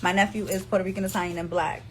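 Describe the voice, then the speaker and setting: This thirtysomething streamer from New Jersey races through a casual monologue to her followers over her phone, loud in emphasis, repetitive and profane. Her pitch is medium and her tone level, a bit bright with a breathy edge.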